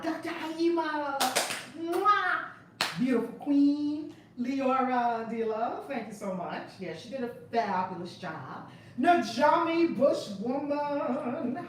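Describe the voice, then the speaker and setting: A woman hosting a live-streamed class as a spiritual teacher, exuberantly greeting viewers by name and then teaching, stressing key words. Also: a little high. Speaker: spiritual teacher and channel host. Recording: echoey room, far from the mic, faint noise.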